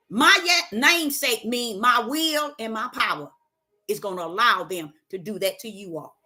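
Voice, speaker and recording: A woman, talking in a casual spiritual monologue, preachy, with sudden high exclaims and low quoted voices. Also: normal speed, sharp tone. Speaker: host.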